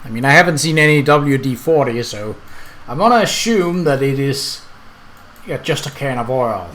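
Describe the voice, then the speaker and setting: A man casually commenting on his gameplay and reading the game's text aloud, chatty and quick to correct himself. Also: medium pitch, animated, fairly bright tone, slight background noise. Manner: chatty, self-correcting, laughs at the game. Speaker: let's play host.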